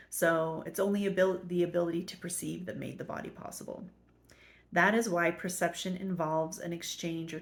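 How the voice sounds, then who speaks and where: A woman reading a spiritual text aloud and explaining it, earnest, slowing to repeat the key lines. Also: fairly low pitch, vocal fry. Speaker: spiritual study teacher.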